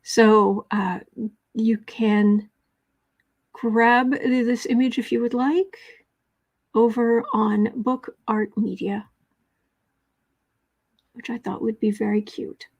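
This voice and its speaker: A chatty woman from the United States hosts a casual home livestream, wandering through asides as she talks. Her voice sits somewhat high for a woman. She speaks into a fixed mic set off to one side of the room. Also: fairly even intonation, slow pace, pauses often, a little mellow, husky. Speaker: tarot livestream host.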